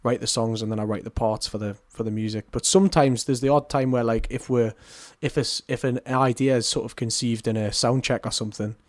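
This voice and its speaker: A young man in his twenties talks in a relaxed, chatty way as a musician guest. His pitch sits in the middle range, and he is self-deprecating and quick to laugh between thoughts. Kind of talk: casual chat.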